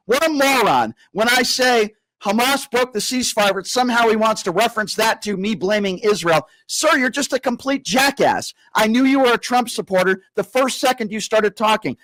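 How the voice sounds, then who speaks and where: A man hosting a live call-in radio show, berating a caller and slowing down to lecture him. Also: high voice, a bit bright, dry recording, poor audio. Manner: combative, insulting, slows down to lecture. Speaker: radio talk show host.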